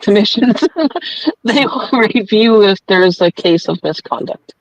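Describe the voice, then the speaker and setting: A woman's voice: medium pitch, expressive, slow pace, dry recording, dull audio. A woman hosting a casual livestream, reading viewer comments aloud and laughing often at herself. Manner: laughs often, self-mocking. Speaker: livestream host.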